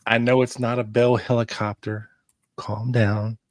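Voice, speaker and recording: A man's voice: mid-range voice, flat delivery, unhurried, dry recording. A man co-hosting a casual podcast, cutting in with dry, teasing asides. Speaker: podcast co-host.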